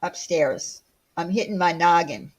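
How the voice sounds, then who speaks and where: A woman hosts a casual livestream, chatting with viewers and answering their comments in a blunt, chatty way, full of fillers and the occasional swear word. Her voice is lowish and she speaks a little slowly.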